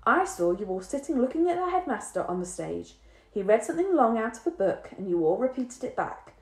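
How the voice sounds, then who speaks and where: A curious, stubborn little schoolboy, as a woman reads him aloud, earnest as he explains himself. His pitch moves in a lively way. A roomy echo surrounds the reading. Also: brisk. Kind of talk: storybook reading.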